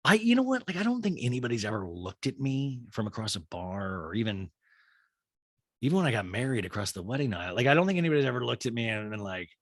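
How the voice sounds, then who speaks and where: A man's voice: fast talker, no room sound, clean studio sound. A young adult man casually recapping a reality show, acting out the cast's lines in exaggerated voices. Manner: animated, acts out quotes in exaggerated high voices.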